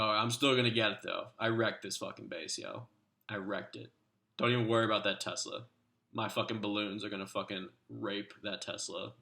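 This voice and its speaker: A man's voice: fairly low pitch, gravelly, pushed and bright. A man impersonating an exhausted young male gamer who swears and groans through his own attack. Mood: cocky.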